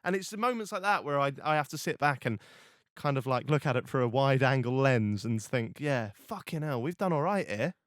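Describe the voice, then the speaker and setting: A man's voice: medium pitch, lively intonation, brisk, no echo, clean studio sound. A young man hosting a podcast, telling stories animatedly with swearing and many restarts. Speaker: podcast host. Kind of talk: casual podcast chat.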